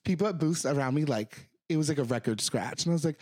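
Young male co-host, fairly high-pitched, profane and animated in casual chat. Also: quick pace, few pauses. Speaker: podcast co-host.

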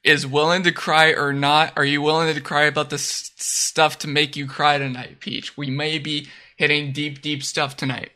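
A woman's voice: low voice, normal speed, hardly any pauses. A woman hosting a stream, chatting casually and a bit hesitantly with many fillers. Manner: relaxed, hesitant, lots of fillers. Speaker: streamer host. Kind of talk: casual chat.

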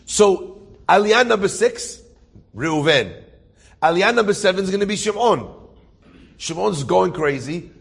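Male preacher-storyteller, husky and gravelly, lively delivery acting out characters. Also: sits high, a little slow, long pauses. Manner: animated storytelling, voices characters, rising to emphatic preaching. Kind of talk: inspirational story sermon.

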